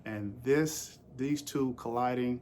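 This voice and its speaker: Speaking slowly in a medium-pitched, slightly mellow voice, this man rambles through a casual sports commentary vlog, full of fillers and restarts. He puts questions straight to viewers, and there's a little hiss or hum.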